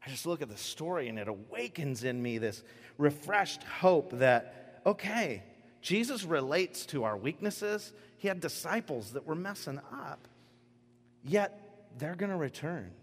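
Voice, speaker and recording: A man preaching a sermon, telling a story in an animated way and acting out the voices of the people in it. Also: fairly high pitch, measured pace, slightly rough, in a large hall. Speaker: pastor.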